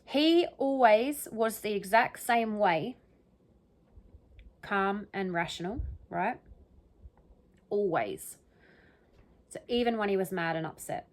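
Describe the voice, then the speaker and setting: With a mid-range voice, she talks slowly and pauses often. As a true crime commentator on her own, she casually analyzes the wording of an interview, thinking aloud and frequently checking in with "right?" and "okay?".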